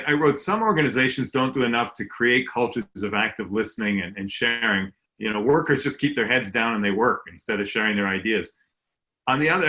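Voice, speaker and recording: A man with a bright, forward voice hosts a relaxed panel talk over a video call. He chats easily and reads out numbers from his notes. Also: mid-range voice. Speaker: panel host.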